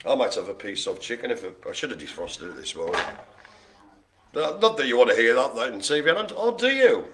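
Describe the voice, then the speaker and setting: A man's voice: mid-range voice, big pitch swings, a little fast, fairly bright tone, a little hiss or hum. A man hosting a live bingo game, chatty and jokey, full of playful asides. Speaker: bingo host. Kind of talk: live-streamed bingo calling.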